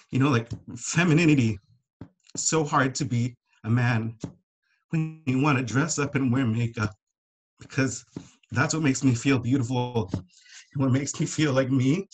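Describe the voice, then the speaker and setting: A man's voice: mid-range voice, measured pace, slight background noise. A young man speaking heartfelt and emotional about his own life, swearing now and then as he gets upset. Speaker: panelist. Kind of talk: emotional personal sharing.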